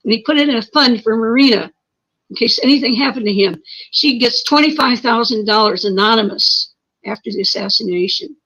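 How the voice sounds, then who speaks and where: A woman's voice: on the high side, a little fast, a bit bright. Woman, interview guest, emphatic, rhetorical questions, muffled lo-fi stream audio. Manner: insistent, repeats words and asks rhetorical questions. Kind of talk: emphatic personal storytelling.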